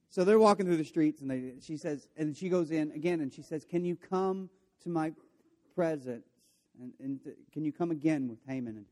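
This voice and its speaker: A man delivers a sermon in a relaxed, joking way, slipping into quick voices for each character as he retells the story. His voice sits somewhat high for a man. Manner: storytelling, voicing characters with jokey asides. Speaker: pastor.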